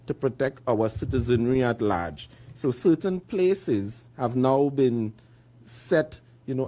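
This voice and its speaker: Mellow-voiced Trinidadian official. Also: male voice, mid-range voice. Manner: measured, reads legal text. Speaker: official making an announcement. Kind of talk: formal public address.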